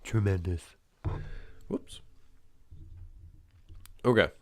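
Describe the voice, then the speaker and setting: A man's voice: low voice, extremely slow, noisy background. A young man hosting a casual solo show, rambling with lots of fillers and swearing. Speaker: podcast host.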